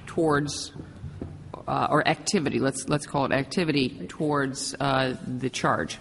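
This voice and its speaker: A man judge slowly questioning counsel, thinking aloud as he speaks. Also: medium pitch, fairly even intonation, vocal fry, fairly bright tone, a little hiss or hum. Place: courtroom. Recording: distant voice in a reverberant courtroom.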